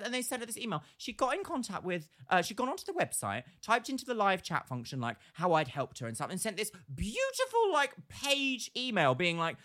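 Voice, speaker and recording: A woman telling a retail story in casual chat, dramatic and quick to act out voices. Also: mid-range voice, wildly swooping pitch, fairly bright tone.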